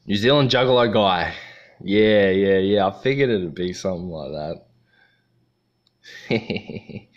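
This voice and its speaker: Deep-voiced Australian man rambling. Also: takes it slowly, pauses often, lo-fi sound. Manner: rambling, profane, joking. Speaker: livestream host. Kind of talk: casual livestream chat.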